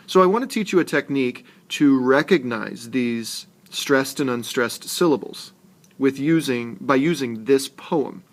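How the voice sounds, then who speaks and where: Slow, deliberate male teacher. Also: mid-range voice. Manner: slow, deliberate, stressing syllables. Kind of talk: screencast lesson narration.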